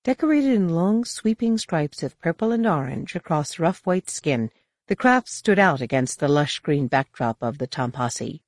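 A woman narrating a novel as an audiobook in a steady, even storytelling manner. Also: sits low, moderate pace, no echo, studio quality. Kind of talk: scripted narration.

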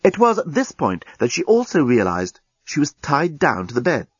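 A man narrating an audiobook in a lively, theatrical storytelling manner. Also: on the high side, normal speed, slightly rough, no room sound, lo-fi sound.

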